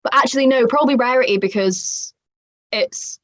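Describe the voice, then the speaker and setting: A woman's voice: high-pitched, moderate pace, fairly bright tone, no echo. A woman from the north of England with a northern accent, a guest on a livestreamed convention panel, chatting, reading the chat and laughing often. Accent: Northern English. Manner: bubbly, rambling, laughs often. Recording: dull, dry home livestream audio.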